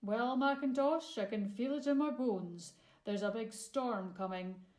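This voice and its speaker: Ben McDooey, a woman doing a gentle Scottish giant. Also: on the high side, measured pace, natural voice. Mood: reassuring. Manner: warm and reassuring. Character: gentle, kindly male mountain giant. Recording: roomy echo.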